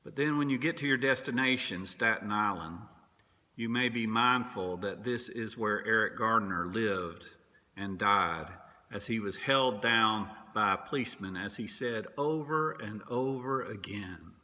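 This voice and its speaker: A man who is a minister, preaching a sermon in a slow, measured way with long pauses. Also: on the low side, bright, forceful tone. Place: church sanctuary.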